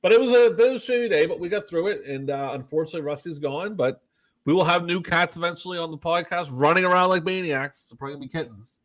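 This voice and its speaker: In a relaxed podcast conversation, this Canadian male co-host swears freely and stays lively, voicing short back-and-forths as if quoting people. His voice runs fairly high, and his delivery is fast.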